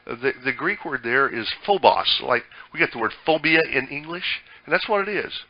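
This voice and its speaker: A man's voice: medium pitch, expressive, normal speed, no echo, lo-fi sound. An older man preaching a sermon as pastor, folksy and conversational, with many fillers and restarts.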